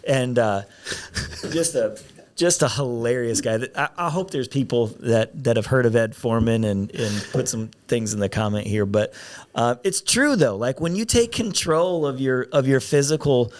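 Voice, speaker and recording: A man's voice: medium pitch, moderate pace. A man hosting a podcast in casual chat, talking in a rambling way with frequent restarts, on a studio mic with headphones. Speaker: podcast host.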